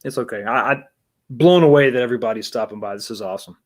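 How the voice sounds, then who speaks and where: A man's voice: mid-range voice, fast talker. A man hosting a casual livestream talk show, rambling with many restarts and greeting viewers in the chat.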